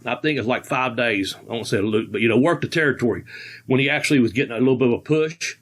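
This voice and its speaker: A man's voice: mid-range voice, fast. A man in his sixties, a podcast host, telling stories in a rambling, folksy way with frequent chuckles. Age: 60s. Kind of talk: casual storytelling.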